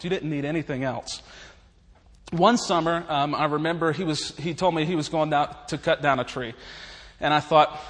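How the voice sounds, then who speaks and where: A man's voice: a little high, fairly bright tone. A man preaching in a humorous, folksy way, chuckling his way through stories. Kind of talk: humorous storytelling sermon. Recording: long reverb of a large hall.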